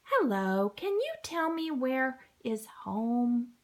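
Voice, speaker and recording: A woman's voice: high voice, very animated, slow, heavily acted. A woman voicing a lost little girl penguin chick who asks politely and plaintively for help.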